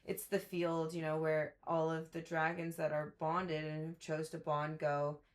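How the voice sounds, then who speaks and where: A woman co-hosting a book podcast, chatting casually with many fillers and lively quotes of characters. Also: sits low, measured pace. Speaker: podcast co-host.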